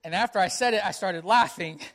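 High, bright-voiced pastor preaching earnestly. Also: male voice, a little fast, slight background noise. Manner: earnest, repeats key phrases for emphasis; conversational, tells personal family stories. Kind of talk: sermon.

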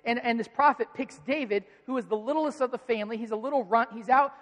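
Preacher telling a story, jokey and lively, talks to the crowd, long echo in a big church. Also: medium pitch, quick pace. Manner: animated, playful, addresses congregation. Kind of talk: storytelling sermon. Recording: reverberant hall.

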